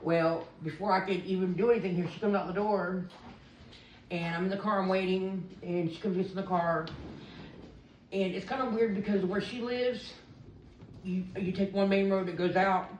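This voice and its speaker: A woman's voice: medium pitch, fairly even intonation, moderate pace, darkish tone, a little hiss or hum. A woman telling a candid personal story in a rambling way, quoting what others said along the way. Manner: rambling, quotes others' lines. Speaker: interviewee sharing a recovery story. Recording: roomy sound from a distant mic.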